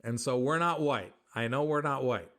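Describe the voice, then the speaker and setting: A comedian man answering interview questions with animated, joking stories, acting out bits of dialogue. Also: mid-range voice, moderate pace. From United States. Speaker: comedian guest.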